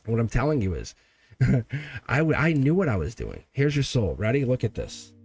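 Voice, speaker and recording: A man's voice: medium pitch, very animated, moderate pace, gravelly, a little mellow, breathy edge. A man in his forties hosting a live tarot stream, talking in an emphatic, rambling way and laughing between points. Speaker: tarot reader and livestream host.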